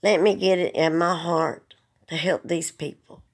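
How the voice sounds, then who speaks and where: A woman's voice: fairly low pitch, steady tone, unhurried, creaky. A woman speaking earnestly to the camera, holding back tears as she pleads. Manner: earnest, pleading, plain-spoken. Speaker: vlogger. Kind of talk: emotional direct-to-camera message.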